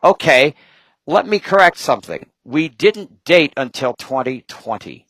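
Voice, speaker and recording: A man talking as a guest in casual chat, rambling from point to point with quick asides and jokes. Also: fairly high pitch, lively intonation, a bit bright, no room sound, poor audio.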